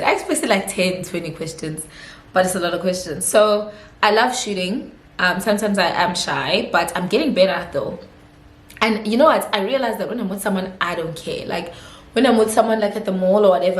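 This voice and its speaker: A woman's voice: mid-range voice, fairly bright tone. Twenties South African woman, chatty vlogger, mid-range voice, recorded in a reverberant room. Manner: chatty, giggly, lots of fillers. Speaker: YouTuber. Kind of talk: casual Q&A vlog. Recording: echoey room.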